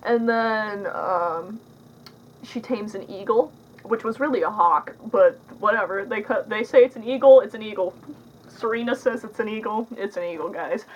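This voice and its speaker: A woman's voice: medium pitch, brisk, muffled recording, slight background noise. A young woman casually reviewing a movie, rambling and sarcastic, with lots of filler words.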